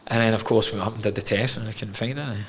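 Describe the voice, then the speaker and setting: Low-voiced man telling his story. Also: fairly even intonation, very fast, husky. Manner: frank and emotional, swears freely, calls the host mate. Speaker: podcast guest. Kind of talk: candid personal storytelling.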